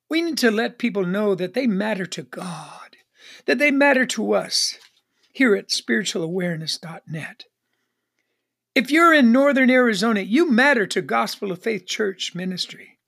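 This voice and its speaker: Pastor preaching a broadcast sermon, bright ringing voice, keeps repeating the refrain and asking for an amen. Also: medium pitch, animated, a little slow. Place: Northern Arizona church ministry.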